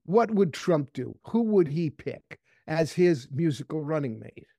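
A man's voice: a little high, very animated, a little slow, creaky, dark tone, no room sound. A man on a political panel who tells playful anecdotes. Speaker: political commentator.

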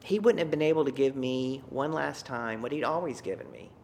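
A man's voice: mid-range voice, lively intonation, a little fast, vocal fry, darkish tone, slight background noise. A man in his fifties from Texas telling a personal story in a reflective, conversational way with wry asides.

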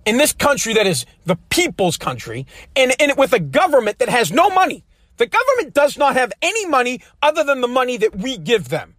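High-pitched, profane man ranting. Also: sing-song, a little fast, a bit bright, no echo, clean studio sound. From United States. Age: adult. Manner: profane, blunt, heated. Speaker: speaker telling a personal story. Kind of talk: ranting monologue.

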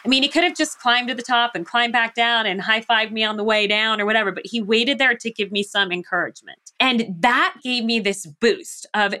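Brisk and with few pauses, a middle-aged woman from the United States recounts her mountaineering story as an interview guest in a bright, forward voice on the high side. She narrates vividly, acting out her own thoughts and the words of people she quotes.

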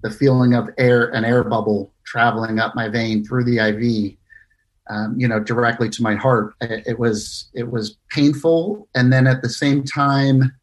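A young man telling his own near-death story in a halting, earnest way, with many fillers and restarts. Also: mid-range voice, steady tone. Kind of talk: personal story told in casual talk.

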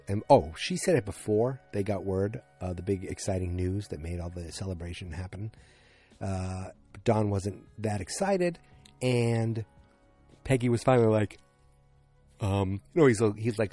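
A man hosts a casual recap show, retelling scenes in a loose, rambling way full of fillers. His voice sits a bit low and sounds mellow and slightly husky. Faint music plays quietly behind him. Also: lively intonation, moderate pace. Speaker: podcast host recapping a TV episode.

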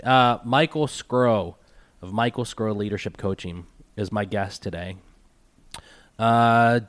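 A man's voice: on the low side, dry recording. A man hosting a podcast, talking casually with a congested, nasal voice from a cold, rambling with self-deprecating asides. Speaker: podcast host. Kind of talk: casual solo podcast intro.

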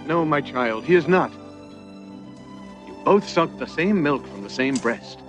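A man's voice: a little high, lively intonation, unhurried. An actor playing a stern fatherly village elder in an old film, speaking in a declaiming, emphatic way. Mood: solemn. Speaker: film character. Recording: dull old film soundtrack with music. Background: film score.

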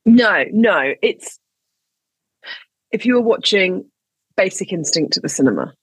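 A woman co-hosting a comedy podcast, firing off quick teasing questions and laughing often in casual chat. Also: medium pitch, animated, husky, no echo, low-quality recording. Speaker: podcast co-host.

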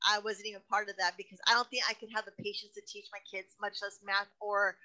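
A woman's voice: medium pitch, level tone, quick pace, pushed and bright, low-quality recording. A middle-aged woman hosting a casual interview, chatty and laughing easily. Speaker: host.

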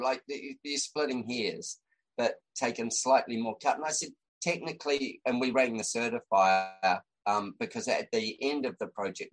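A man's voice: on the low side, low-quality recording. An Australian man, a designer and podcast guest, telling a story in casual chat with lots of fillers and restarts.

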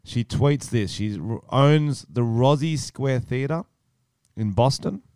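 A man's voice: medium pitch, slow pace, darkish tone, smooth, no room sound. A young man co-hosting a comedy podcast, sarcastic and swearing as he reads out news stories. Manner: sarcastic, swearing, laughs often. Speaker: podcast co-host. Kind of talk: casual comedy podcast chat.

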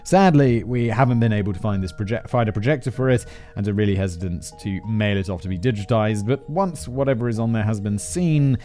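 A podcast host in his thirties reads a script but keeps rambling into chatty tangents, laughing often. His fairly low, dark voice moves a little fast with few pauses, and faint music plays behind him.

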